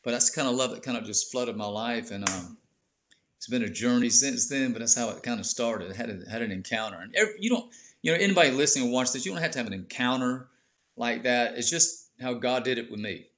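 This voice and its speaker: A man speaks about his faith in a casual podcast chat, earnest and openly moved. His delivery is heartfelt and plainspoken, dotted with an easy "man." His pitch sits in an ordinary middle register. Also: lively intonation, quick pace, fairly bright tone. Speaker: podcast guest, bishop. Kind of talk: emotional testimony in casual chat.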